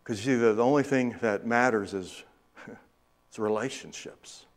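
A man preaching a sermon through a personal story, moving from hushed earnest moments to loud excited retelling. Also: mid-range voice, unhurried.

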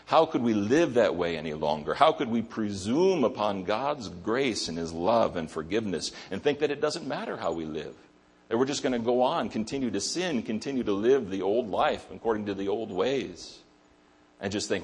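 A man with a low, husky voice preaches a Sunday sermon. He delivers it emphatically, circling back to repeat his key lines for weight. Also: animated, moderate pace. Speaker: pastor.

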